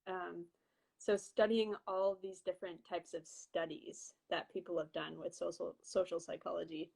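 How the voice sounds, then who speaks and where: Young woman guest, casual and a little halting, on a video call. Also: fairly low pitch, little pitch movement, creaky, darkish tone, slightly rough, poor audio. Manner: friendly, hesitant, many ums and restarts.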